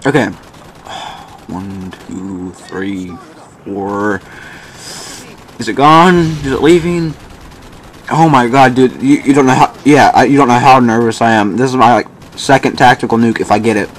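A young man giving excited, boastful commentary while playing a shooter game. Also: medium pitch, slight background noise. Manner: boastful, frustrated, exclaiming. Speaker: gamer narrating his match. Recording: faint gunfire from the game behind.

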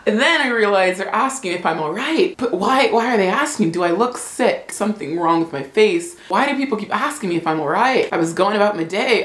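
A woman's voice: mid-range voice, fairly quick. Young American woman, travel vlogger, playful and bouncy, laughs a lot, echoey room. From United States. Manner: animated, playful, laughs often. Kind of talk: casual comedic vlog.

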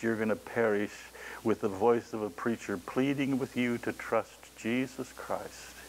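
Male preacher, lowish voice, fervent pleading sermon delivery, faint tape hiss. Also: creaky, poor audio. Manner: impassioned pleading, rising to loud cries.

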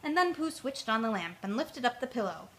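A woman storyteller reading a children's storybook aloud, clear and expressive. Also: on the high side, brisk.

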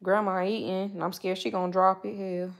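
A woman's voice: medium pitch, flat delivery, brisk, creaky. A woman chatting casually while cooking at home, talking to viewers and her kids between steps, recorded on a nearby phone camera. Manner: loose, slangy casual speech. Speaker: vlogger cooking for her channel. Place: home kitchen. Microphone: phone camera nearby, set down at times.

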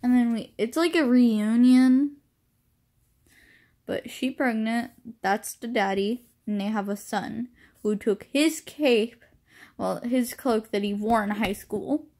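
A woman's voice: fairly high pitch, unhurried, darkish tone. A young woman chatting casually into a phone at home, rambling and self-deprecating about her drawings. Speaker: amateur artist. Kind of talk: casual chat.

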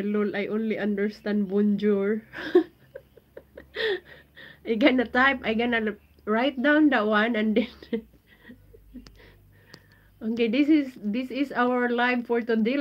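Slow-talking Filipino woman streamer. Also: on the high side, lo-fi sound. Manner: playful, giggly, sounding out foreign phrases. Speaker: live streamer reading viewer comments. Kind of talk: casual livestream chat.

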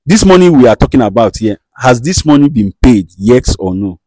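A man with a Nigerian accent acting as a show host who calmly mediates a dispute and questions firmly. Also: medium pitch, normal speed, no echo. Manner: soothing, repeats "calm down", firm questioning. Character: male show host, calm and commanding mediator. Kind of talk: comedy skit acting.

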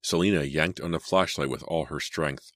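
A man narrating a suspense audiobook in a measured, suspenseful way. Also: very deep voice, no room sound. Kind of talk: dramatic audiobook reading.

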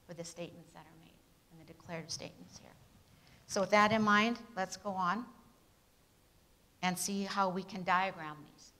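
A woman leads a grammar lesson built on Bible verses. Her voice is bright and clear, and she keeps calling out questions to her class and answering them herself. She gives the key words firm emphasis. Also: on the low side, poor audio.

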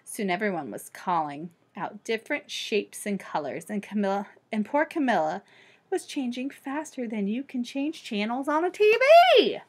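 A woman reading a children's picture book aloud expressively and pausing to ask listeners questions. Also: mid-range voice, sing-song, husky. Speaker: storybook reader for children.

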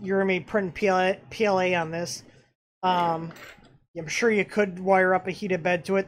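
A man hosting a casual live-stream review of a 3D printer, talking in a rambling way with lots of "um"s and restarts. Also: high-pitched. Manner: rambling, filler-heavy, frequent restarts. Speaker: channel host reviewing a 3D printer.

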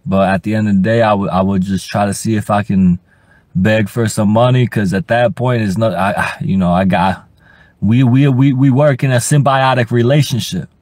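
A man's voice: steady tone, moderate pace, no echo. Young man, livestream rant, cursing, stammering, repeats himself, dry close sound. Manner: profane and rambling, stutters and repeats himself; bursts into high-pitched shouting. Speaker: livestream host.

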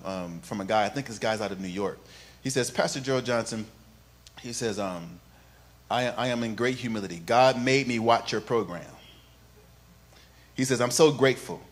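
A male pastor with a mid-range voice delivers a sermon, shifting from quiet, conversational storytelling into loud, sing-song preaching. He calls on the congregation to repeat phrases after him.

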